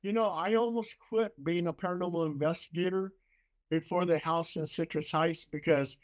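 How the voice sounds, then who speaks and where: A man spins a haunted-house tale with lively, profane energy. His voice sits a little high, and the recording is dull and lo-fi. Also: normal speed. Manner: animated, profane storyteller. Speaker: paranormal investigator. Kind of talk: storytelling in casual talk.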